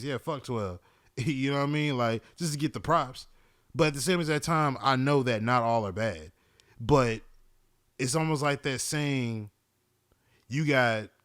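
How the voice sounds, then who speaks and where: A man's voice: medium pitch, a bit bright, smooth, no room sound, studio quality. A man hosting a podcast in a casual monologue, rambling, swearing freely and often asking "you know what I'm saying". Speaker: podcast host.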